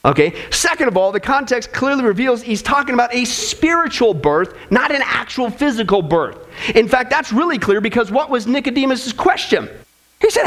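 A man's voice: very high-pitched, sing-song, moderate pace, a bit bright. A man preaching a sermon to a congregation, emphatic and preacherly, with jokey asides to the crowd. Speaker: pastor.

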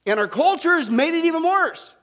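A man preaching a sermon, animated and folksy, with acted-out voices and asides to the congregation. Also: very high-pitched, brisk. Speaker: pastor.

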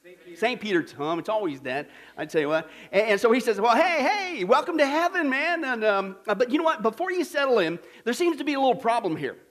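A man's voice: high-pitched, fast. A male pastor preaching a sermon, telling a joke with laughs and quizzing the congregation with questions. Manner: lively, laughing storyteller, asks the crowd questions.

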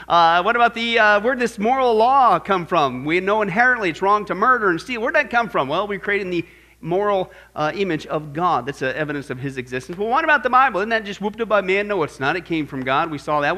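A middle-aged man teaching a church class on apologetics, animated and often asking the audience questions. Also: sits high, fast. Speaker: Bible teacher.

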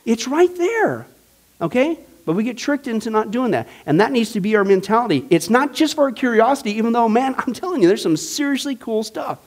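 Animated high-voiced male Bible teacher. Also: a little fast. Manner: animated, joking, enthusiastic with frequent fillers. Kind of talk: casual teaching. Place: church classroom.

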